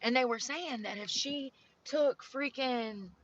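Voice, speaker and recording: A young woman from North Carolina with a Southern accent, chatting excitedly and swearing as she films herself outdoors on a phone. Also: high voice, slow pace, dull audio. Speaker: IRL streamer. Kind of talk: casual outdoor vlog chatter. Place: outdoors on a coast.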